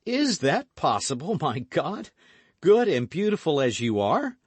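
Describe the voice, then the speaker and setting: A man's voice: medium pitch, big pitch swings, a little slow, dry recording, voice pushed up. A man reading an audiobook, voicing a passionate young swordsman who speaks in eager, impassioned exclamations. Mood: ardent, eager.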